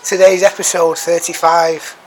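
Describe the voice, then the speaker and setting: A man's voice: a little high, flat delivery, moderate pace, a little hiss or hum, poor audio. A man co-hosting a casual podcast, chatty and given to repeating himself, recorded sitting in a pub restaurant. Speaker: podcast co-host.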